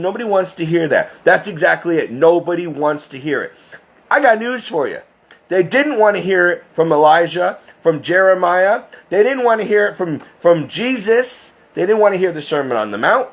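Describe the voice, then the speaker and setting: Husky-voiced man preaching emphatically. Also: high voice, sing-song, moderate pace. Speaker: Catholic video blogger. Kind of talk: impassioned religious monologue to camera.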